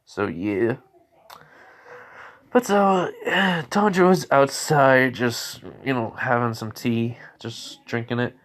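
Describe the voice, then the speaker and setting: A man's voice: mid-range voice, takes it slowly, a bit bright. A man improvising a fan story, rambling and correcting himself as he goes.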